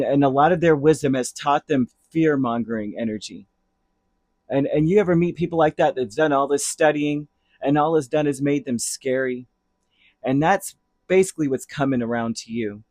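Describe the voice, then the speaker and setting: A man's voice: medium pitch, darkish tone, dry recording. A man giving a casual tarot reading, talking in a rambling, chatty way that drifts into heated asides. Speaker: tarot reader.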